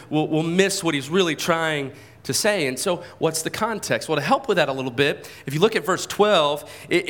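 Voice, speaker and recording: A pastor with a slightly raised pitch delivers his sermon in an easygoing, conversational way. He keeps turning to the congregation with questions and often stumbles over the start of a sentence, repeating a word before going on. He speaks into a microphone at a church service. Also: a bit bright. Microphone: handheld or stand microphone.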